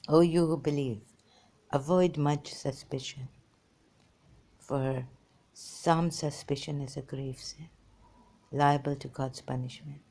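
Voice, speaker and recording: Woman, non-native English, deep voice, warm mellow tone, rambling emphatic monologue. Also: fairly even intonation, slow pace, pauses often. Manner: emphatic, repetitive, swinging between muttering and exclaiming. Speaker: religious commentary channel host. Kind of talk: rambling monologue, reading scripture passages aloud.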